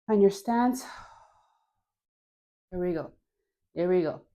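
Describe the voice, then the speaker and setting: Playful woman dance instructor, mellow voice. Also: fairly low pitch, slow pace. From Caribbean. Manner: encouraging, playful, laughs often. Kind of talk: guided dance class. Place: dancing while talking. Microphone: wearing a mic.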